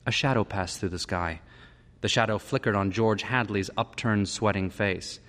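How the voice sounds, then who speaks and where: A man's voice: lowish voice, normal speed, fairly bright tone. A man narrating a story aloud, lingering vividly over the descriptions. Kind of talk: dramatic story reading. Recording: reverberant hall.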